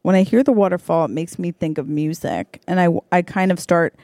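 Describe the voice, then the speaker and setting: A woman's voice: lowish voice, fairly quick, dark tone, no room sound. A woman co-host improvises a goofy romance plot, talking in a loose, chatty way full of fillers and giggles. The sound is dry and close, with no room around her voice. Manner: giggly, chatty, lots of likes and ums. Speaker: podcast co-host. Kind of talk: improvised comedy chat.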